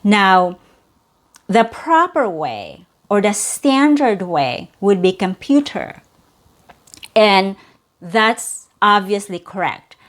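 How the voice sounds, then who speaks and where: A woman's voice: medium pitch, sing-song, slow pace. A woman teaching English pronunciation, modeling each sound and repeating words carefully. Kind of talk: slow, clear pronunciation lesson.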